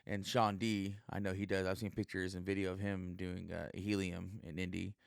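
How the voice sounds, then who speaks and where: Low, smooth-voiced man rambling casually. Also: flat delivery, moderate pace, dry recording, studio quality. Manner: rambling and profane, heavy with fillers. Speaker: podcast host and stand-up comic. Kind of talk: casual solo podcast monologue.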